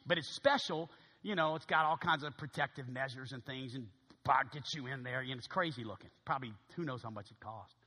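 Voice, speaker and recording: A man preaching as a pastor, telling a story in an animated way and acting out each voice. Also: mid-range voice, brisk, big-room sound. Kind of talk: sermon storytelling.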